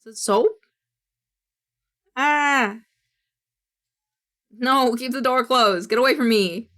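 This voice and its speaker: A young woman streaming, chatting casually and reacting to clips, high and loose, swearing and squealing. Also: moderate pace, a bit bright. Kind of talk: casual chat reacting to videos.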